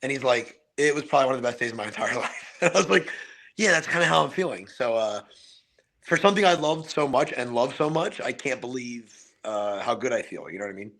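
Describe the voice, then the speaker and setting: A man's voice: medium pitch, expressive, fast talker, a bit bright. A man, a retiring fighter, talking casually as a podcast guest, rambling with lots of fillers. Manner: rambling, many fillers like "you know what I mean". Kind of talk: casual interview storytelling.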